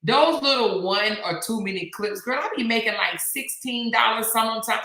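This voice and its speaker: A woman's voice: a little high, brisk, hardly any pauses, sharp tone, roomy sound. A middle-aged woman hosting a casual live stream, chatty and slangy, reading viewer comments aloud. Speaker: host.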